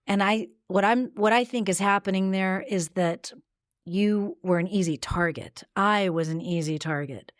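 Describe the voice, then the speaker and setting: A woman voice coach teaching a podcast lesson in a gentle, reflective way. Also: mid-range voice, measured pace, no echo, studio quality.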